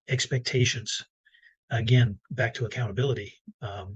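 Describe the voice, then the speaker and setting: A man giving a relaxed, conversational talk as a business coach, with frequent fillers. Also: on the low side, husky, highs cut off. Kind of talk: instructional talk to camera.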